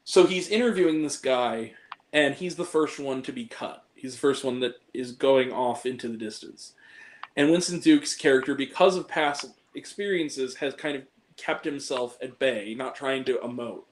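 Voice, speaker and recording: An earnest young man chats about the films he loves, speaking openly and with feeling. His voice sits at an everyday middle pitch for a man, and he talks as a host leading the chat with friends. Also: normal speed, poor audio. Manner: earnest and heartfelt, quotes movie lines. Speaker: podcast host ranking films. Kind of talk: emotional casual film talk.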